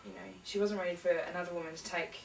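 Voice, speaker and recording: A woman's voice: fairly low pitch, steady tone, fast, vocal fry, a little hiss or hum. A young adult woman being interviewed, telling her story casually with many fillers and restarts. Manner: hesitant, full of fillers and restarts. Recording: echoey room, mic from a distance.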